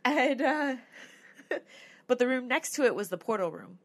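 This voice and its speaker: A woman's voice: high-pitched, lively intonation, unhurried. Chatty woman telling a ghost story. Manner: chatty storytelling, many fillers, laughs often. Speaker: podcast co-host. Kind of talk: casual chat.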